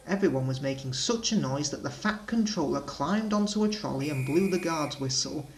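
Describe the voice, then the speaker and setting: A man narrating a children's railway storybook with gentle, expressive storytelling. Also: fairly high pitch, normal speed, few pauses, slight background noise, poor audio.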